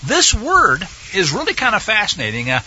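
Lively, bright-voiced man teaching scripture. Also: high-pitched, moderate pace, breathy edge, dull audio. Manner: emphatic reading of scripture with Hebrew terms, lively explanation. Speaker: Torah teacher. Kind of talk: Torah portion teaching.

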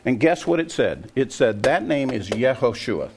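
Gravelly older man preaching emphatically. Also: medium pitch, sing-song, moderate pace, slight background noise. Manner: emphatic, asks the audience questions, scoffing. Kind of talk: sermon to a congregation.

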